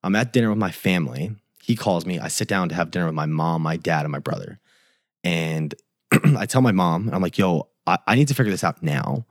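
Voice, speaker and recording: A young man who photographs tours tells an animated, fairly quick story on a podcast, loose and full of swearing, with the dialogue acted out. His voice sits low, and the clean studio recording is dry.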